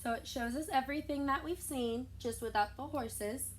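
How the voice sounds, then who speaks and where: A woman teaching a recorded music lesson for young children, explaining terms slowly and patiently. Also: sits high, recorded from a distance, a little hiss or hum.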